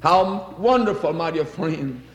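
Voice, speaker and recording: A man's voice: fairly high pitch, expressive, unhurried. Fervent preacher man in an echoing hall. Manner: fervent, rising to near-shouts on emphasis. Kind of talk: sermon. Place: church.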